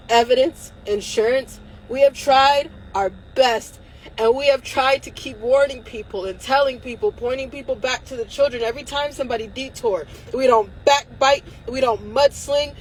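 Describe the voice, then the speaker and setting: A woman's voice: high-pitched, darkish tone, slight background noise, poor audio. A woman hosting a livestream, ranting angrily and defiantly with frequent swearing, close to tears at times. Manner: angry and defiant, swearing, laughing through tears. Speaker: livestream host. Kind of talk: impassioned livestream rant.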